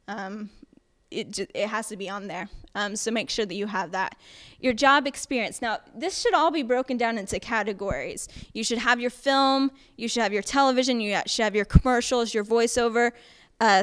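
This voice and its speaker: A woman with a slightly high voice lecturing at an acting workshop. She talks chattily and emphatically, with lots of fillers and quick check-ins with her listeners. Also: a bit bright, smooth.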